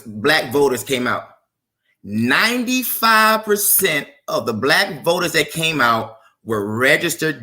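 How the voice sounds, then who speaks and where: A man's voice: fairly high pitch, pushed and bright. A man arguing politics on an open panel, speaking with impassioned, rhetorical emphasis.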